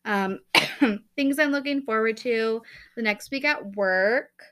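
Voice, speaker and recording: A woman's voice: a little high, slow pace, fairly bright tone. A woman in her thirties co-hosting a casual chat podcast, rambling and chatty with lots of fillers. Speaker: podcast co-host.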